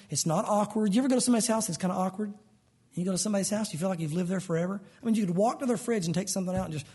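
Animated husky-voiced male preacher. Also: high-pitched. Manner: animated, acts out little scenes with silly voices. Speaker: pastor. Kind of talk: sermon.

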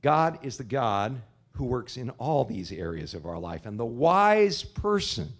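A male pastor preaching a sermon, telling stories with acted-out characters, then praying slowly and earnestly. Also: medium pitch. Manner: animated storyteller, acts out characters in jokes; soft, slow earnest prayer. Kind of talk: sermon with storytelling and prayer.

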